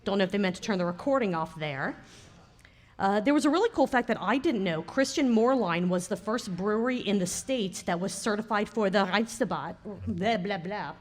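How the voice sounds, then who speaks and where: A woman's voice: medium pitch, expressive, a little fast. Woman, podcast co-host, casual chat, teasing, laughs a lot, recorded live at a bar. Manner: chatty, laughs often, teasing.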